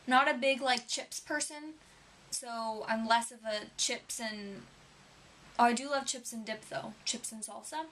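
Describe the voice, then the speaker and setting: Young female vlogger, bright tone, rambling casual chat. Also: on the high side, fairly even intonation, unhurried. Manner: rambling, chatty, lots of "um" and "like".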